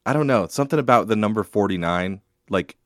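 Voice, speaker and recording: A man co-hosting a podcast in casual chat, relaxed and wry, trailing off into laughs. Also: on the low side, quick pace, dry recording, clean studio sound. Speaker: podcast co-host, sportswriter. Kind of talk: casual sports-media chat.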